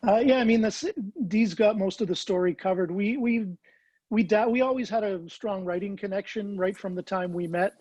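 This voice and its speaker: A man's voice: high voice, normal speed, a little mellow, no echo, lo-fi sound. A man with a Canadian accent tinged with American, a songwriter guest talking casually and restarting his sentences often. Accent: Canadian blended with American. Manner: rambling with frequent restarts. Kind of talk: casual interview chat.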